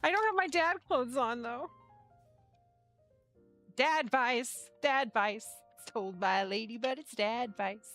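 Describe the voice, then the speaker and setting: Chatty woman with a bright voice. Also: a little high, a little slow, soft background music. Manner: chatty, laughs often, swears casually. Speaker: livestream host and yarn shop owner. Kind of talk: casual live-stream chat.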